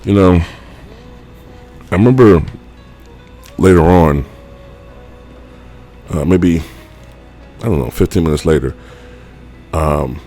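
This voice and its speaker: Guy with a really low voice just rambling on, lots of you know and like, faint music behind. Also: slow, long pauses, mellow. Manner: rambling, full of "you know" and "like", swears casually. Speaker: vlogger. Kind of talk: casual storytelling.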